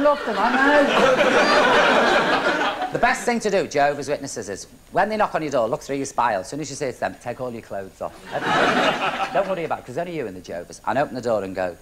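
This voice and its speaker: A man's voice: fairly high pitch, very noisy, natural voice. A man doing a brassy bawdy woman comic. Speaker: comic host taking audience questions. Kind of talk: stand-up comedy before a studio audience. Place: TV studio stage. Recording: TV studio with loud audience laughter.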